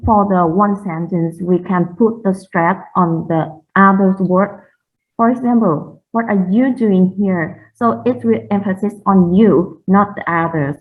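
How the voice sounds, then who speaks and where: A woman presents a lesson carefully, pausing and repeating words as she goes. Her audio is thin and tinny, like it came through a phone line. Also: medium pitch. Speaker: student presenter. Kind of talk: class presentation.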